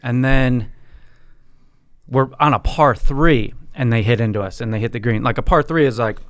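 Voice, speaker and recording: A man co-hosting a relaxed podcast chat, telling a story with lots of "like" sprinkled in. His voice sits at an ordinary middle pitch. The sound is close and dry, with almost no room behind it. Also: normal speed, no room sound. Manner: animated storyteller, heavy use of "like". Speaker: podcast co-host.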